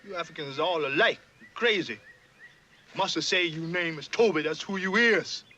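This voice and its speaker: A man with a sharp, slightly high voice speaks at a moderate pace, stern in mood, on a muffled recording with slight background noise. He is an actor with an American Southern accent playing an older enslaved fiddler in a period film drama, fawning over his master while scolding a newcomer in a drawling dialect.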